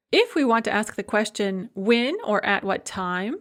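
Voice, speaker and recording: Woman teaching with slow, careful examples. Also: mid-range voice, animated, fairly bright tone. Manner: clear, methodical explaining with slow modeled Russian phrases. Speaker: Russian language instructor. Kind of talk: recorded lecture.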